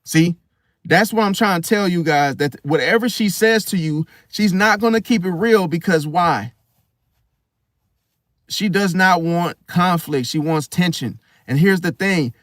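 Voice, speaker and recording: This male astrology vlogger has a high, fairly bright voice and preaches casually about the stars, tossing in slang and rhetorical jabs like "See?" His manner is blunt, with offhand swearing. Studio-quality audio, no room sound.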